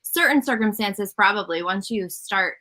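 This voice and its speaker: A woman's voice: medium pitch, expressive, normal speed, bright, forceful tone. A woman on a livestream panel, talking in an earnest, open way. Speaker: guest panelist. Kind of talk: casual livestream chat.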